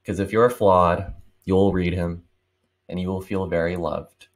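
A man's voice: low-pitched, fairly even intonation, a little slow. A man in his twenties giving a casual one-take book review, rambling and swearing as he talks. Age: 20s. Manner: rambling, swearing, laughing often.

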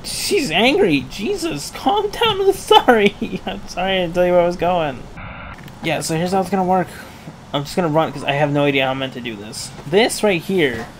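A man's voice: on the high side, brisk, poor audio. A man hosting a let's play with jokey gaming commentary and dramatic mock complaints. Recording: game noise loud behind.

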